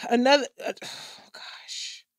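A woman's voice: slow, no echo, clean studio sound. A woman co-hosting a casual podcast chat, sounding exasperated and repeatedly saying she is done. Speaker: podcast co-host.

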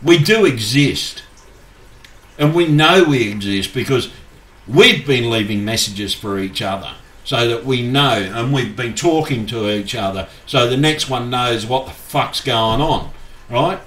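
A man ranting furiously to his viewers, cursing in nearly every sentence. His voice sits at an ordinary middle pitch. The room gives it a noticeable echo. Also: measured pace, a bit bright. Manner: swears constantly, angry and agitated. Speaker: YouTuber. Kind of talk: angry rant to camera. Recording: echoey room.

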